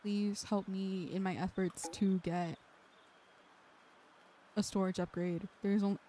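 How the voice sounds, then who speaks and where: A woman's voice: mid-range voice, little pitch movement, takes it slowly, mellow, a little hiss or hum. A woman streamer chatting casually through gameplay, muttering to herself and swearing now and then.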